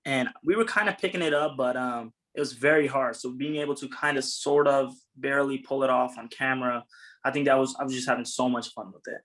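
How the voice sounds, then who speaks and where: A man on a panel, talking in a relaxed, thoughtful way over a video call. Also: mid-range voice, a little fast, low-quality recording. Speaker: actor on a fan convention panel. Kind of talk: casual panel chat.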